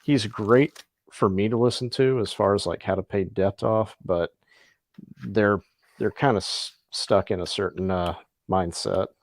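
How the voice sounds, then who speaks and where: A man talking in a casual podcast, measured and thoughtful with hesitant fillers. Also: on the low side, fairly even intonation.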